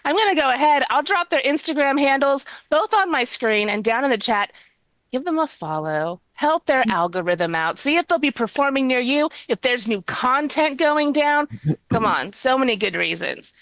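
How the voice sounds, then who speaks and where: A woman hosting a live stand-up show in a chatty, teasing manner. Her voice sits a little high and sounds dry and close, with no room echo. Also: expressive, moderate pace, a bit bright. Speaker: comedy show host.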